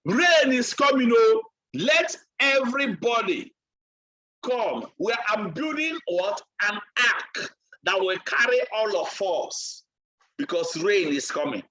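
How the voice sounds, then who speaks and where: A man voicing an old man who urgently shouts warnings to his people. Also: high-pitched, animated, slow, exaggerated voice.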